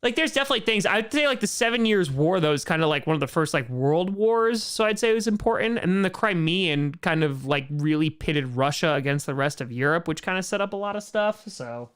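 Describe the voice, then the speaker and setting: A man's voice: on the high side, expressive, a little fast, hardly any pauses, fairly bright tone, smooth. A man hosting a casual livestream Q&A, answering chat questions in a rambling way, full of "like" fillers and blunt opinions. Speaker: streamer host answering chat.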